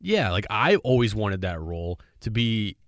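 Upbeat young man with a low voice. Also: big pitch swings, moderate pace, no room sound, clean studio sound. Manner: upbeat, joking and direct. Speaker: podcast host. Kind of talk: casual chat.

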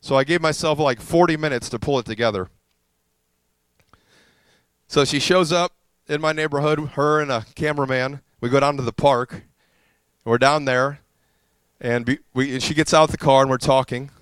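A male pastor telling a story in a sermon, animated and self-deprecating, acting out what others said to him. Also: medium pitch, moderate pace, pauses often, clean tone, dry recording.

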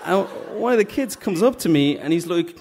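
A man's voice: sits high, lively intonation, brisk, a little mellow. A man from Dublin with a Dublin Irish accent, telling a funny, self-mocking story live onstage and acting out the voices. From Dublin, Ireland. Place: stage at a live story night.

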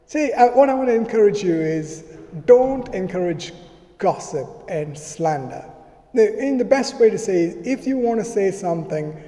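Warm and animated, his high-sitting voice moves at a moderate pace as he gives a conversational sermon in church. He often acts out what people said, and the hall carries noticeable reverb.

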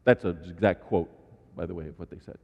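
A man preaching a sermon as pastor, animated, with dramatic asides and sudden high exclamations. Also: fast, creaky, in a large hall, highs cut off.

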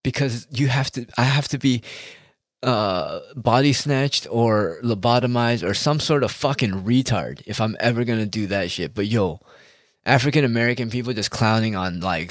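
A man's voice: on the low side, dry recording, studio quality. A man talking straight to his audience in a rambling, heated monologue, full of swearing. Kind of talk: casual ranting monologue.

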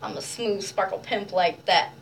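A woman hosting a radio show, chatting in a bubbly, quick way with a guest. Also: mid-range voice, a little hiss or hum, poor audio. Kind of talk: casual chat.

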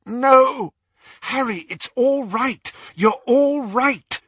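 A man's voice: medium pitch, sing-song, takes it slowly, a bit bright, breathy edge, no room sound, exaggerated voice. A man voicing a worried, earnest teenage girl, a young witch. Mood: urgent alarm.

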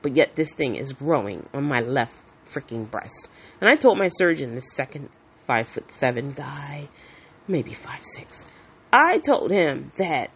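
A woman's voice: a bass voice, a little slow, husky. Blunt, candid woman telling her story. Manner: blunt, outspoken and candid, with swearing; animated storytelling, acting out the people she quotes. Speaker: vlogger. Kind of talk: casual monologue.

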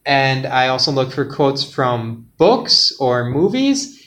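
A man's voice: mid-range voice, sing-song, slow pace. Joking laid-back man hosting a podcast quiz. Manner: joking, laid-back, sometimes trails off quietly. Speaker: podcast host running a quiz game. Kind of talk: casual podcast chat.

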